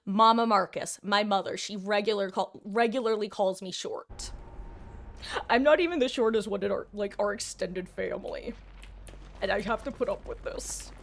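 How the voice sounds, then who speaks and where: A woman's voice: mid-range voice, fairly bright tone. Chatty woman streamer talking to chat. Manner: chatty, rambling, talks straight to chat. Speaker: livestreamer. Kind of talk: casual gaming stream chat.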